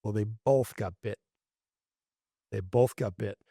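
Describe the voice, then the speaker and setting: A man with a lowish voice spins loose, rambling fishing yarns in casual conversation. He restarts sentences often and talks in a folksy way. The sound is dry and close. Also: measured pace, mellow, no echo. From Florida. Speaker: fishing podcast host. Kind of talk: casual storytelling chat.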